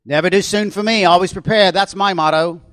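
A man's voice: high voice, fairly even intonation, brisk, dry recording, voice pushed up. A man doing a brash Aussie adventurer. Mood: cocky. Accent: Australian. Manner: boastful, needling, loud and pushy. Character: brash, confident Australian outdoorsman, adult man.

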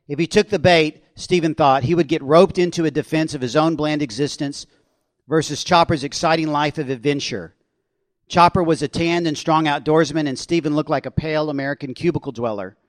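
A man with a fairly high voice reads from his own suspense novel, telling it steadily and expressively. The sound is dry and close-miked, with no room echo. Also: a little fast. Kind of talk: author reading his novel aloud.

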